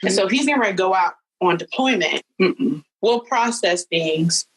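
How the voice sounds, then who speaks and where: Woman, 30s, husky, animated storyteller, casual podcast chat. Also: normal speed, rough recording. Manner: animated storyteller, leaps high for quoted voices. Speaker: podcast guest.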